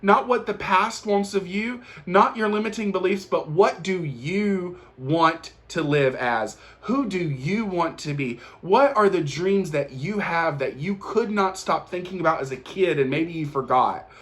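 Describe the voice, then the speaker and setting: A man's voice: sits high, measured pace, few pauses, a bit bright. A man hosting his own show, delivering an earnest motivational monologue to the viewer, repeating encouragements and often restarting his sentences as he gets emotional. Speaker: host.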